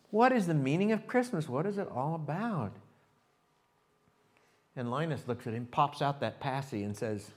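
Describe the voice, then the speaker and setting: A male pastor preaching a sermon, telling a story with animation and talking straight to his congregation. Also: lowish voice. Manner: animated storytelling, shifts to hushed reflection; talks directly to the congregation.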